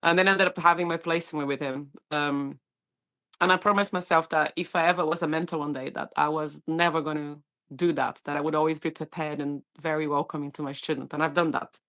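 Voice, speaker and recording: A Brazilian woman, Portuguese her first language, recalls her work in a bright, forward voice. She talks freely in a casual interview, acting out quoted lines and laughing easily. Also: low voice, a little fast. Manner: animated storyteller, acts out quoted voices, laughs often. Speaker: paramedic guest.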